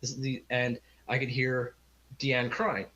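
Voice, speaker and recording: At a measured pace, with little pitch movement, the middle-aged Canadian man talks in a mid-range, slightly bright voice. He's a podcast guest sharing a long, heartfelt, rambling personal story and acting out people he quotes, in a casual interview on slightly dull lo-fi audio.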